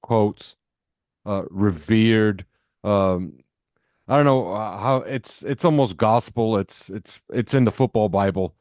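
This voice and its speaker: A man's voice: lowish voice, slow, a little mellow, no echo, clean studio sound. A man from New Jersey co-hosting a sports podcast, giving blunt, emphatic opinions in casual chat.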